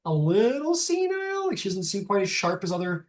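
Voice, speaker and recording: A man's voice: sits high, big pitch swings, a little fast. Guy running a tabletop game, lots of ums and restarts. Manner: rambling, filler-heavy, self-interrupting. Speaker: game master.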